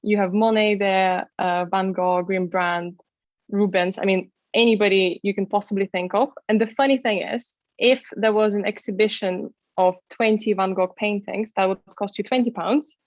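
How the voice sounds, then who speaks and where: A woman's voice: medium pitch, steady tone, moderate pace, no echo. Woman travel guide, non-native English speaker, chatty and casual, dull close sound. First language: not English. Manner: chatty, many fillers and restarts, laughs easily. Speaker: travel content creator and tour guide. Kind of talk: casual interview talk.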